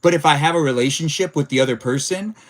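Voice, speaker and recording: Hosting a casual stream, a man talks at a quick pace in a slightly high voice. He rambles, leans heavily on filler words, and responds to messages from chat.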